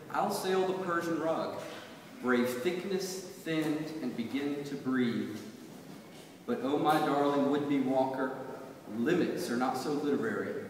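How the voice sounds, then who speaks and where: A man's voice: a little high, recorded from a distance, a little hiss or hum. Man reading poems in an echoey hall. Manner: rhythmic, measured recitation. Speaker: poet. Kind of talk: poetry reading.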